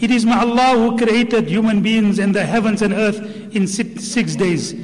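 A man with a high voice gives a reverent religious commentary, reciting verses between his explanations. A long hall reverb trails behind his words. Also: fairly even intonation, normal speed, hardly any pauses. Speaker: Islamic speaker summarizing a lecture.

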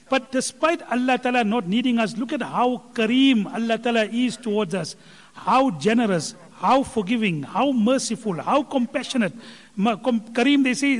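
Male preacher, very high register, impassioned, reverberant hall. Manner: impassioned, rising in pitch and volume when quoting. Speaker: religious speaker explaining a scholar's teaching. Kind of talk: sermon.

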